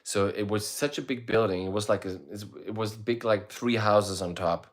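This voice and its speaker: A low-voiced middle-aged man hosts a relaxed livestream, drifting through a rambling story and swearing freely as he goes. His delivery is loose and unhurried, like easy chat with viewers. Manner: laid-back, rambling, swears freely, reads out viewer comments. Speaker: musician hosting a livestream. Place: indoors, streaming while away on travel.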